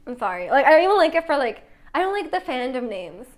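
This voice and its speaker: A woman's voice: high-pitched, very animated, quick pace. A young woman streaming from her home kitchen while baking, chatting casually with viewers, reading their messages aloud and using a lot of "like" as filler. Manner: chatty, reads chat aloud, many "like" fillers.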